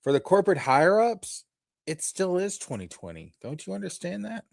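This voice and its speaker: A man's voice: sits high, big pitch swings, normal speed, gravelly, no room sound, clean studio sound. Fired-up, profane co-host man. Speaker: podcast co-host. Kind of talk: casual chat.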